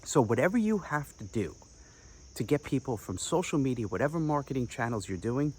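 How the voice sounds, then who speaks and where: A man giving direct-to-camera business advice as an online coach, energetic and chatty with playful asides. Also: mid-range voice, fairly quick, slight background noise.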